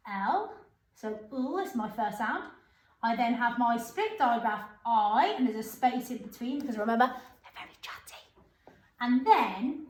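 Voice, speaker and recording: A woman with a fairly high voice leads a recorded phonics lesson for young children. She sounds upbeat and encouraging and spells words out slowly, letter by letter. The sound is echoey, as if recorded in a bare room. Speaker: primary school teacher.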